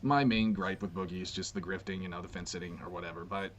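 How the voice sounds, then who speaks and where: A man's voice: sits low, steady tone, fast talker. A man ranting in a brash, slangy way, saying "bro" often. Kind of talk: casual rant. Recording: dull lo-fi clip with faint noise.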